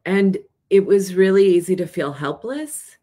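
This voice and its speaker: A woman's voice: fairly low pitch, measured pace, warm tone. A middle-aged woman speaking plainly and earnestly to her viewers in a casual reflective video, sometimes acting out anxious or soothing inner voices. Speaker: coach sharing weekly video reflections. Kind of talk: casual reflective talk to camera.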